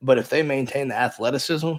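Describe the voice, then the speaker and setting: A man's voice: mid-range voice, fairly quick. A man co-hosting a sports podcast, rambling casually and hedging often as he breaks down the team. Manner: rambling, hedges a lot with repeated fillers. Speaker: podcast co-host.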